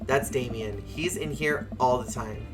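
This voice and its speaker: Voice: mid-range voice, measured pace, over music, close to an everyday voice. A streamer doing a dismissive bored cashier. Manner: flat, dismissive. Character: surly, bored store cashier.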